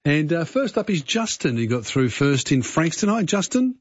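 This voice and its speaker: A man's voice: on the high side, big pitch swings, normal speed, breathy edge, no echo, muffled recording. A middle-aged Australian man hosting a casual radio quiz, chatty and full of uh fillers. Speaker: radio host.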